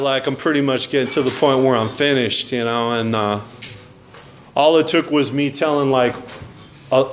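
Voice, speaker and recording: A man's voice: medium pitch, slight background noise. A man telling his recovery story at a meeting in a casual, rambling, slangy way, often saying man and dude. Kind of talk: casual personal testimony.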